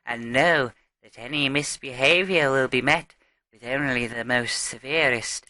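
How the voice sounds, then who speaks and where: A man's voice: mid-range voice, sharp tone, dry recording, voice pushed down. Man putting on a creepy old granny voice. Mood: menacing. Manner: slow, menacing storyteller. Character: creepy sinister old granny ruling an underground world.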